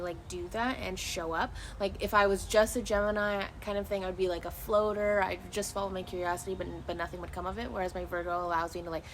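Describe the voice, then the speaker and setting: Here the young outdoor streamer's voice sits fairly low, with a little hiss or hum on the recording. Her casual chat with viewers is loose and animated, full of restarts and free swearing.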